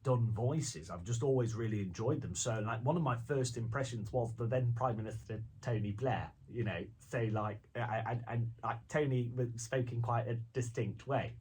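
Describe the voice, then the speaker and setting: A man's voice: medium pitch, moderate pace, hardly any pauses, darkish tone, a little hiss or hum. A man who does impressions and voice-overs, chatting as a guest on a radio show, rambling with many restarts and frequent chuckles. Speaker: guest, impressionist and voice-over artist. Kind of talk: casual radio chat. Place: radio studio.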